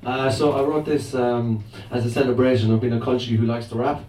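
A man's voice: mid-range voice, little pitch movement, a little fast, mellow. A man with an Irish accent performing comic spoken word rap at a live open mic, chatty and self-mocking. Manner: chatty, self-mocking, laughs between lines. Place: live performance venue with audience. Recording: echoey, distant, noisy live room.

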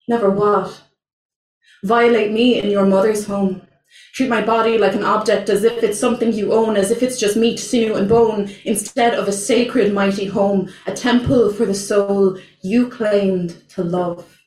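A young woman performing a spoken word poem at an open mic, slow, deliberate and intense. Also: medium pitch, fairly even intonation, darkish tone. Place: small venue, indoors. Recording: roomy, from far off.

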